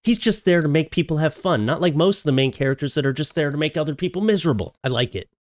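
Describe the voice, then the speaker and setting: A man's voice: a little high, fast, no room sound, clean studio sound. A man hosting a comedic reaction commentary on viral videos, joking with sarcastic asides.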